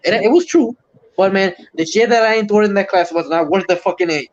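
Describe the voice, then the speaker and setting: A Puerto Rican man hosts a livestream, ranting fast in a high-sitting voice with heavily profane, casual chat. The stream audio is muffled and lo-fi.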